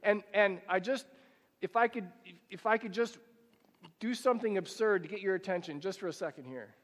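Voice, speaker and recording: A male pastor preaching a sermon, asking rhetorical questions and slowing down and rising in pitch when he reads scripture. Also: fairly bright tone. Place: church sanctuary. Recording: church hall with long reverb.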